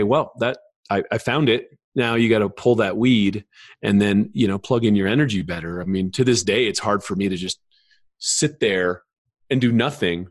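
A man's voice: fairly low pitch, dry recording. A man speaking as a guest in a casual interview, telling stories animatedly and acting out what others said, with many "you know"s. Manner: animated, acts out quoted voices, many fillers. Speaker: podcast guest.

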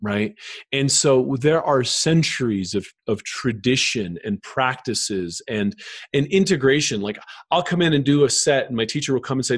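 A man's voice: mid-range voice, moderate pace, husky, no echo. A man speaking as a guest in a casual interview, telling stories animatedly and acting out what others said, with many "you know"s. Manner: animated, acts out quoted voices, many fillers. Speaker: podcast guest.

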